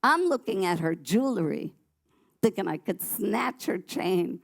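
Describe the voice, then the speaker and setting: A woman's voice: mid-range voice, big pitch swings, measured pace, creaky. A woman sharing her personal testimony on a church talk show, telling her story vividly and animatedly, often restarting her sentences.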